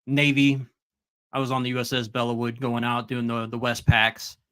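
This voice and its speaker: A man talking as a guest, telling his story in a relaxed, easygoing way. His voice sits at an ordinary middle pitch, with nothing unusual in its tone. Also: normal speed, clear, resonant tone. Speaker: guest, Navy and Army veteran. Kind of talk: casual conversation.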